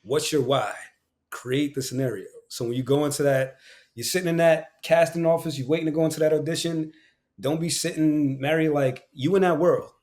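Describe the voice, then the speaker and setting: A man, a guest who works as an actor and audiobook narrator, talking in a casual, animated podcast chat with slangy, repeated phrases. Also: fairly high pitch, brisk. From Queens, New York.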